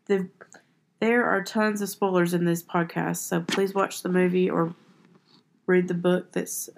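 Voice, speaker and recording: A woman with a fairly low voice hosts a casual movie podcast. She talks in a rambling, chatty way and keeps restarting her sentences as she goes. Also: vocal fry, darkish tone. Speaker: podcast host.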